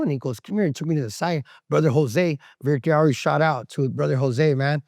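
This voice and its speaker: Gravelly-voiced man telling his story. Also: on the high side, lively intonation, a little fast, a little mellow, no echo, clean studio sound. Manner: slangy, emotional, swears often, acts out voices. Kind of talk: candid storytelling to camera. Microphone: camera interview setup.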